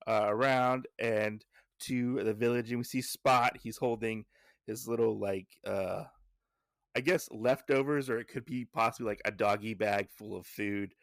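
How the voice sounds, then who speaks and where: A man's voice: fairly low pitch, steady tone, unhurried, no room sound, studio quality. A man hosting a podcast, casually recapping a comic issue with lots of fillers and side thoughts. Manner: rambling, filler-heavy, digressive. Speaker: podcast host.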